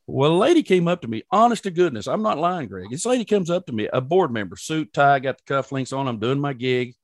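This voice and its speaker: A man's voice: mid-range voice, sing-song, fairly quick, dry recording, clean studio sound. A man from Oklahoma with a Southern US accent, hosting a casual interview chat and telling folksy stories with frequent laughs. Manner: folksy storyteller, laughs often. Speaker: podcast host.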